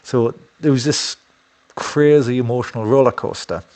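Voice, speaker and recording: A man's voice: mid-range voice, normal speed, a little mellow. A man talking in a casual, rambling monologue, blunt and profane with many fillers. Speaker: dating coach.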